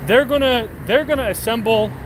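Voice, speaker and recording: A man streaming from his phone while out walking, telling a rambling, profane story with animated quoted voices. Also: extremely high pitch, brisk, background noise.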